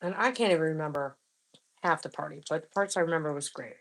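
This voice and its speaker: A woman's voice: sits low, fast talker. A woman in her forties hosting a live cooking stream, chatting casually and humming between bites. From Florida. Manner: relaxed, chatty, hums with food between remarks. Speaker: livestream host cooking and eating. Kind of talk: casual live chat while eating.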